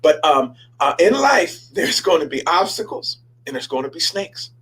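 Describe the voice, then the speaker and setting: Animated pastor with a high-set voice. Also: male voice, normal speed, poor audio. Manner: animated, repeats himself and stammers. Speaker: pastor and show host. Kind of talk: storytelling sermon chat.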